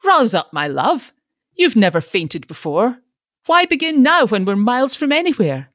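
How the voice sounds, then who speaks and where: Woman narrator playing a testy elderly father; pompous, grumbling, lively pitch. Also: moderate pace, no room sound, studio quality.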